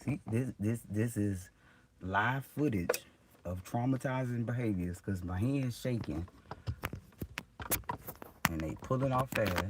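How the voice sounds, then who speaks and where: A man's voice: lowish voice, slow pace, pauses often, very noisy. A man ranting in a preachy, profane way on a live video, recorded on his phone outdoors on a street. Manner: preachy, profane, agitated rant. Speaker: vlogger.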